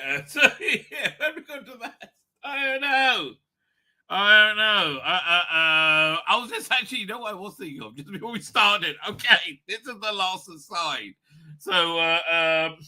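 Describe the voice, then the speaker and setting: A man's voice: on the high side, pushed and bright. A man hosting a live stream, rambling crudely and laughing often between his own remarks.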